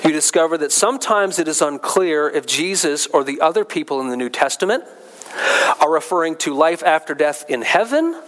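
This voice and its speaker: Man preaching a conversational sermon. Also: a bit bright. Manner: conversational preaching with asides and restarts; rises in pitch and force when stressing a point. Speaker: pastor.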